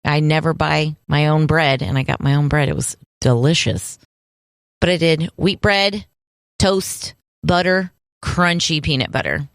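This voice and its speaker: A woman co-hosting a casual podcast, chatty and quick to laugh. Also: low voice, no room sound, clean studio sound. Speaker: podcast co-host. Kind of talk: casual chat.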